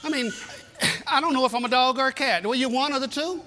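A man's voice: very high-pitched, brisk, sharp tone, in a large hall, a little hiss or hum. A man preaching a sermon to a church congregation, telling a folksy, repetitive story with humor. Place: church sanctuary.

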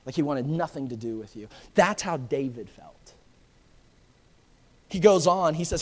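A high-pitched male pastor delivering a sermon with real passion, dropping to a hush and then climbing to fervent, near-shouted peaks. His voice rings with the long reverb of a large church hall. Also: animated, a little slow, pauses often. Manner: impassioned, swinging from hushed to near-shouting.

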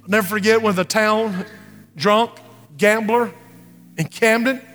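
A middle-aged man preaching a sermon in a large church, swinging from low, intense passages to loud, impassioned cries. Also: fairly even intonation, measured pace. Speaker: pastor. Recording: church hall with long reverb.

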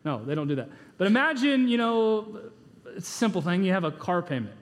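A man preaching in a casual, conversational way, tossing out jokes and rhetorical questions while sounding short on sleep. His voice is high for a man, and it carries a long reverb from a large hall. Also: big pitch swings, brisk. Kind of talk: conversational sermon.

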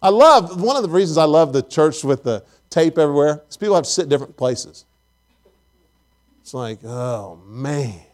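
A man's voice: a little high, lively intonation, fast, hardly any pauses. A man preaching a sermon in a church auditorium, emphatic, repeating phrases and putting questions to the congregation.

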